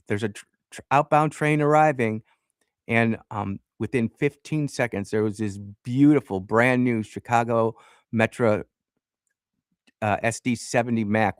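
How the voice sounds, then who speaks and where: A man's voice: lowish voice, dry recording, clean studio sound. A man telling a rambling personal story on a radio show, often restarting mid-sentence and chuckling. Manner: rambling, self-interrupting, chuckles. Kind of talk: casual storytelling. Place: radio studio.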